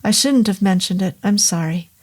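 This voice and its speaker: A woman voicing a hesitant, apologetic male doctor who rambles, in a slow audiobook reading. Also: high-pitched. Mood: uneasy. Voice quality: hesitant, halting. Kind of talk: audiobook character voice.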